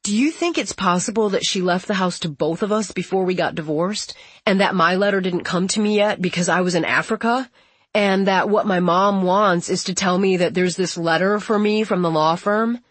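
A woman voicing an agitated young man, exasperated and restless, in a husky voice. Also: mid-range voice, moderate pace, no room sound, close to an everyday voice. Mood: eager rushed.

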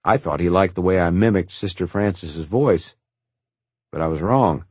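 A man narrating a first-person audiobook in a calm, reflective storytelling manner on a close mic. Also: low voice, moderate pace, breathy edge, dry recording.

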